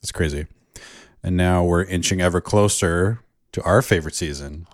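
A man's voice: low voice, moderate pace, dry recording, clean studio sound. A man co-hosting a casual movie podcast, playful and fond of silly voices, with a Chicago accent. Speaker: podcast co-host. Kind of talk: casual chat.

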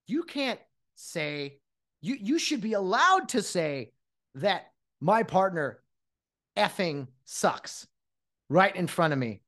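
Speaking slowly with long pauses, this late-thirties former umpire turned podcast host delivers an exasperated solo rant, frequently starting sentences over. His voice sits high, swings widely in pitch, and sounds a bit bright.

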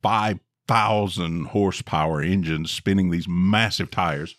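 A middle-aged man co-hosting a podcast, telling a story in a dry, drawn-out way with wry emphasis. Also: sits low, a bit bright, no room sound. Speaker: podcast co-host. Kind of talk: casual storytelling chat.

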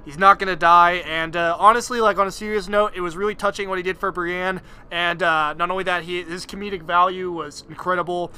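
A man's voice: high-pitched, fairly even intonation, a little fast, few pauses, bright, forceful tone, clean tone. A young man in a casual podcast chat who swears freely, stumbles through restarts, and leans heavily on "like". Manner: profane, stammering restarts, lots of "like". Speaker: podcast co-host.

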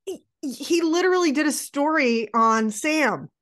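A woman's voice: sits high, animated, unhurried, fairly bright tone, no room sound, clean studio sound. A woman co-hosting a podcast, chatting casually and sarcastically about an old film. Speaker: podcast co-host.

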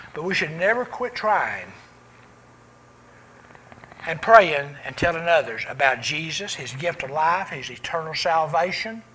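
A man preaching with real fervor, his high, bright voice climbing and falling in wide swings. He leans hard into loud calls, then drops to near-whispers. A faint hum of room noise sits under him. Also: low-quality recording. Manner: impassioned, swings from loud cries to quiet hushed lines. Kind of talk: sermon.

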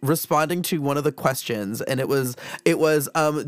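A man's voice: fairly high pitch, moderate pace, no echo. A man co-hosting a casual podcast, joking and rambling with restarts. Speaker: podcast co-host. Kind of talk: casual chat.

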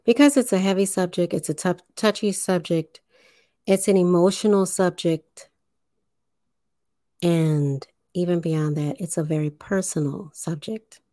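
A woman hosting a spiritual livestream, speaking deliberately, enunciating carefully and guiding listeners through breathing. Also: on the low side, steady tone, dark tone, no room sound, studio quality. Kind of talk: slow spiritual livestream talk.

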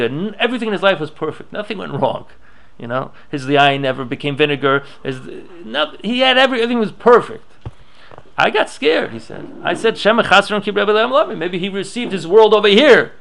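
A man's voice: a little high, gravelly, fairly bright tone. A man giving a Torah class, reading Hebrew and Aramaic passages aloud and explaining them in English, thinking aloud with restarts. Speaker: Torah teacher.

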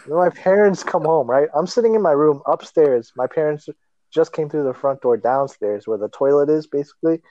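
A young man co-hosting a podcast tells a story in casual chat, laughing often and acting out the voices of the people in it as an animated storyteller. His voice is a little high and a little fast. The recording is muffled, with no room sound.

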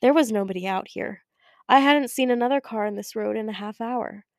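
A young woman narrating a first-person audiobook with a wry, expressive way of telling the story. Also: a little high, brisk, no echo, clean studio sound. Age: young adult. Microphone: close studio mic.

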